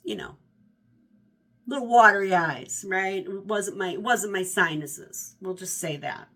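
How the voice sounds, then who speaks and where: A woman in her fifties talks through her favorite reads of the year in a loose, rambling way. Her voice is bright and forward. She corrects herself often and stays animated. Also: medium pitch. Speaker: book vlogger. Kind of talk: casual book review chat.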